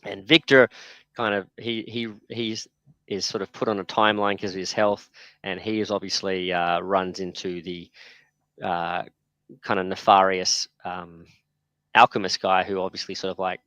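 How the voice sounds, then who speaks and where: A man's voice: deep voice, level tone, moderate pace, fairly bright tone, no echo. A man hosting a casual chat, rambling with many fillers and restarts. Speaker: podcast host.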